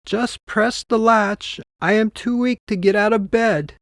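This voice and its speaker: Sneaky wolf faking a feeble granny, squeaky and high, man doing it. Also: a little slow, fairly bright tone, no echo, clean studio sound. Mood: falsely sweet. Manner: high, weak, put-on old voice. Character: sly male wolf faking a frail old grandmother.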